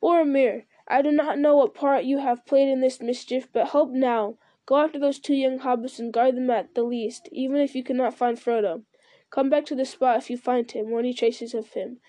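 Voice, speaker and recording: A woman voicing a solemn, measured ranger leader in a read-aloud story. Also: sits high, steady tone, mellow, lightly acted. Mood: urgent. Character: grave noble male ranger leader.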